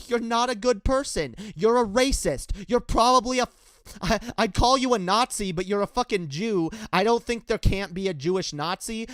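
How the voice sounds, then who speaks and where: A man's voice: high-pitched, fairly bright tone, no echo. A man giving a heated, profane political rant, full of stammered restarts. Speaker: political commentator. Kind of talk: casual ranting commentary.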